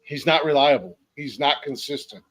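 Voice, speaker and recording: A man's voice: a little high, expressive, moderate pace, fairly bright tone. A man from Ohio hosting a casual football podcast, easygoing, with plenty of fillers. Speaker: podcast host. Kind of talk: casual sports chat.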